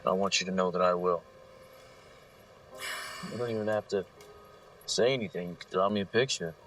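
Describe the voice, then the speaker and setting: An actor playing a gruff but gentle young man, speaking low, soft and steady. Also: moderate pace. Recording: distant TV audio with faint noise.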